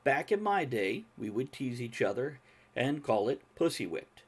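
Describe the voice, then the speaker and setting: A man's voice: medium pitch, very animated, normal speed, slightly rough. A man hosting a loose, casual talk show. His voice rises and falls a lot as he talks, and he laughs often and swears freely. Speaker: podcast host. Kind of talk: casual chat.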